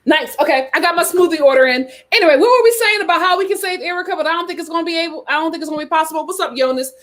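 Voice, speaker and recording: A woman's voice: extremely high pitch, very fast, fairly bright tone. A woman hosting a casual live stream, chatting emphatically, repeating her points and reading viewer comments aloud. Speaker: host of a reality TV chat stream.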